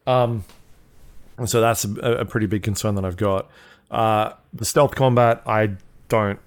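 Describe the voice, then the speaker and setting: Rambling, low-voiced male podcast co-host. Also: fairly even intonation, measured pace, smooth. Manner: rambling, filler-heavy, swears freely. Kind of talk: casual chat about video games.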